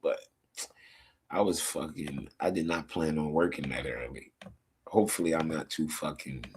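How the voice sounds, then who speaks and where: A very deep male voice with fairly even intonation moves at a normal speed over slight background noise. Hailing from Newark, New Jersey, USA, the live stream host chats loosely and profanely through a casual football watch-along, his New Jersey accent clear. Tired and yawning, he keeps repeating himself and breaking into laughter.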